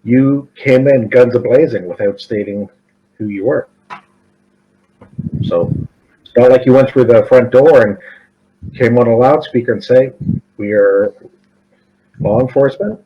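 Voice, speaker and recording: A man's voice: mid-range voice, measured pace, pauses often, slightly rough. Man arguing his case as a player. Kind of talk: playing a tabletop game. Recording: dull lo-fi recording, faint noise.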